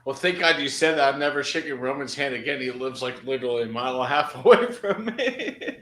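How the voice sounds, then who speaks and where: A man hosting a casual livestream, bantering quickly and laughing often. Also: mid-range voice, expressive, a bit bright. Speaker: livestream host. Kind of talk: casual live chat. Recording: echoey room.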